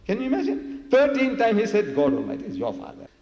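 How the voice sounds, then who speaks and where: A man's voice: sits high, huge pitch swings, fast talker, darkish tone. A man giving a public religious lecture, emphatic and full of rhetorical questions, repeating his key words for effect. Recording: echoey lo-fi hall recording.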